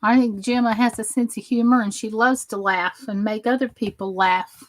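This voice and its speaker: A woman's voice: on the high side, fairly even intonation, moderate pace, dry recording. A woman with a Southern US accent hosting a crafting channel, chatting casually with viewers, sarcastic and teasing at times and earnestly encouraging at others.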